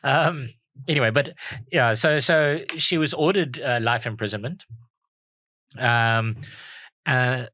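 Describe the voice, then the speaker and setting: A man's voice: mid-range voice, slow, pauses often, sharp tone, no room sound. A man co-hosting a casual comedy podcast, telling a history story with many ums and restarts. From South Africa. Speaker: podcast co-host.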